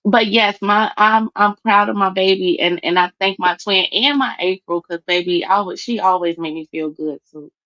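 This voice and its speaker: A woman's voice: mid-range voice, moderate pace, few pauses, bright, forceful tone, no echo. A tearful woman pours out blunt, heartfelt, profane talk on a livestream. Her voice comes through a dull, muffled call line. The sound is dry, with no room around it. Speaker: guest. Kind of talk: casual livestream chat. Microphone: video call.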